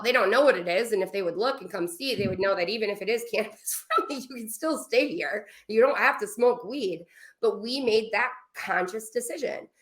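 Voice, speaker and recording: A woman on a podcast interview explains her travel business in a rush of asides and quick pivots. Her voice sits in a noticeably roomy, echoing space. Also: medium pitch. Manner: fast, animated explaining with asides. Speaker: guest, travel business owner. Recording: roomy echo.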